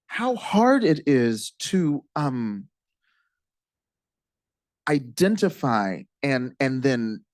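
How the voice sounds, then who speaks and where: An American man, a writer and co-teacher, talking casually and emphatically onstage, swinging high and swearing. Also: sing-song, drawn-out words, long pauses, no echo. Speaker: writer and co-teacher at a panel talk.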